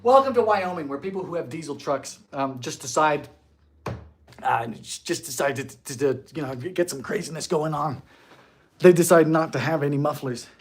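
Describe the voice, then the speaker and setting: A man's voice: on the high side, moderate pace, husky. A man hosting a baking livestream in a home kitchen, chatting casually in a goofy, giggly way while reading out viewer comments.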